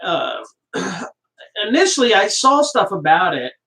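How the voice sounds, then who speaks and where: A man's voice: sits high, big pitch swings, a little slow, sharp tone, distant mic. A man co-hosting a casual movie review podcast, rambling and joking, often correcting himself mid-sentence. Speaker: podcast co-host. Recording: roomy sound from off-mic.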